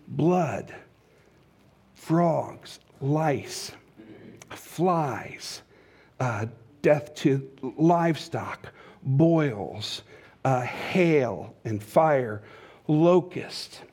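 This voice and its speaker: A man's voice: a little high, darkish tone. A man preaching a sermon to his congregation, talking conversationally and working in a joke. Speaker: pastor.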